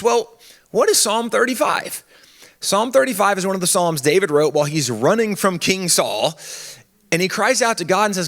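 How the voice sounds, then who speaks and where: A man addresses a conference crowd from the stage, his fairly high voice swinging widely as he talks. He keeps it conversational and funny, slipping in quick asides as he goes. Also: lively intonation, a bit bright. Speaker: conference speaker on history. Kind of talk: animated conference talk.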